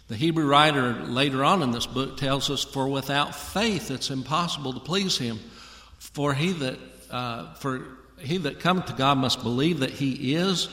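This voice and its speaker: A man's voice: mid-range voice, fairly bright tone. A man preaching a folksy sermon and talking straight to his congregation. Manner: folksy, addresses congregation directly. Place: church auditorium. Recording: echoey hall with long reverb.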